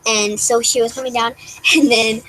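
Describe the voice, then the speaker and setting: A woman's voice: a little high, steady tone, normal speed, fairly bright tone, rough recording. A young woman vlogger rambling through a story to camera in a casual, giggly way, full of restarts and "like".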